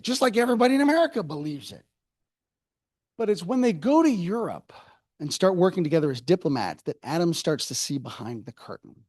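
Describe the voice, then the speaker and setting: A man gives a public history lecture in a university hall. He tells it as a lively storyteller, mocking people in quick asides. His voice sits a little high and swings widely in pitch. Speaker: author giving a book talk.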